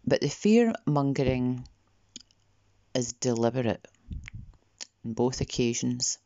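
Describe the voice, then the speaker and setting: A woman delivering a podcast monologue in a slow, deliberate way, sometimes dropping to a near whisper. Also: a bass voice, animated, dark tone. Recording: dull, lo-fi dry recording.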